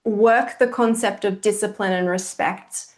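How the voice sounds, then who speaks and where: A woman's voice: mid-range voice, measured pace. A woman hosting a coaching podcast, chatting casually and telling stories expressively. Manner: expressive, animated storyteller. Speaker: podcast host, kids jiu jitsu coach. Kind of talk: casual conversation.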